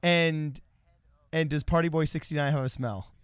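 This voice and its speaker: A man's voice: on the high side, steady tone, moderate pace, smooth, no echo, clean studio sound. A man co-hosting a casual political live stream, joking around and reading viewer comments aloud. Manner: jokey, reads chat comments aloud. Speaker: co-host.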